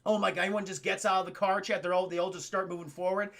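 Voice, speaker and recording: Gravelly, bright-voiced excitable streamer man. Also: high-pitched, racing. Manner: excitable, swears freely, talks straight to chat. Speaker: streamer film reviewer. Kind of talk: casual film recap to live chat.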